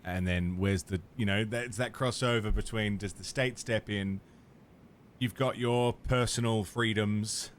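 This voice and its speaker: A man's voice: lowish voice, fairly even intonation, measured pace, a little hiss or hum. A man streaming a video game live, chatting and ranting in tangents and swearing freely at a home setup. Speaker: gaming livestreamer. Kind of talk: casual livestream commentary.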